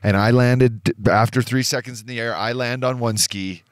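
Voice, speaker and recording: A man co-hosting a podcast, telling a story in casual chat, animated and profane, acting out what others said. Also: mid-range voice, moderate pace, no room sound. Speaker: podcast co-host. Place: indoor studio.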